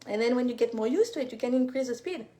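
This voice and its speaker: Woman, bit high voice, teaching live, chatty with lots of you-knows, talks right to viewers. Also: lively intonation, fast. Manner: warm encouraging, speaks to viewers directly, many fillers. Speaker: fertility coach.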